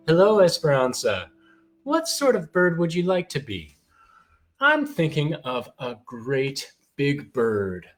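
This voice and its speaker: A man's voice: fairly high pitch, huge pitch swings, slow. Cheerful male kids' music teacher. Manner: cheerful, playful, mixes talk with singing. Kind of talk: live online sing-along class for young kids. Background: guitar strumming.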